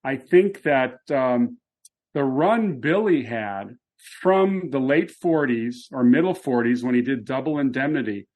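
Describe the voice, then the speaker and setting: Guy cohosting an old hollywood podcast, explains stuff thoughtfully, middle pitch. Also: lively intonation, unhurried, a little mellow. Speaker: podcast co-host. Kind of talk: casual film discussion.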